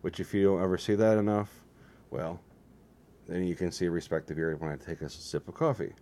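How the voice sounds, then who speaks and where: A man's voice: deep voice, steady tone, a little fast, dark tone, slight background noise. A tired man chatting in a meandering, self-deprecating way on his own vlog. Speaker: vlogger. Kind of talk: rambling casual vlog.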